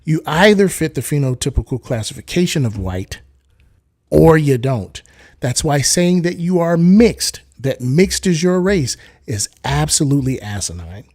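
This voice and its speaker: A man's voice: a little high, expressive, measured pace, darkish tone. A man co-hosting a podcast, arguing heatedly and profanely, breaking into impressions. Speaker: podcast co-host. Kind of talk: heated casual debate.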